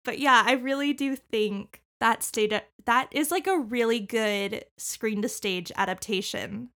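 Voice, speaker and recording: A young woman chats casually as a podcast co-host. She talks in an animated way, with lots of fillers and frequent laughs. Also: a little high, a little slow. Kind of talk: casual chat about musicals.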